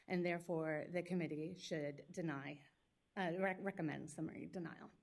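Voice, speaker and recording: A woman attorney speaking for a school district, giving a formal legal argument at a public hearing in a quick, pointed, argumentative way. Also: on the low side, a little mellow. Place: public meeting hearing room.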